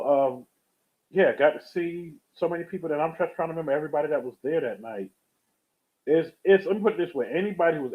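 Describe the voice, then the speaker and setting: A man live-streaming, telling a rambling story in a casual, chatty way and greeting viewers from the chat. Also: medium pitch. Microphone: webcam or USB streaming setup. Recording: tinny phone-like sound.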